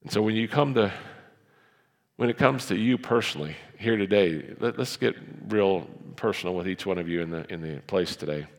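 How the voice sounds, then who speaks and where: At a moderate pace and in a low voice, a pastor preaches in a large church hall. His animated, conversational sermon includes him acting out the voices of people in the Bible story.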